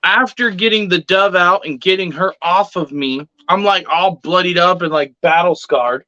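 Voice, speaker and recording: A man casually telling a story in an animated way, swearing freely and acting out what people said. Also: high-pitched, moderate pace, no room sound. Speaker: reptile keeper telling a story. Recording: dull, dry, lo-fi sound.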